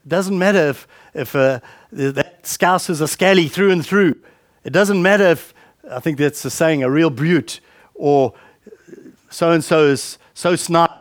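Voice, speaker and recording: A man's voice: a little high, unhurried, no echo, clean studio sound. A man preaching a conversational sermon, often repeating words and asking the listeners questions.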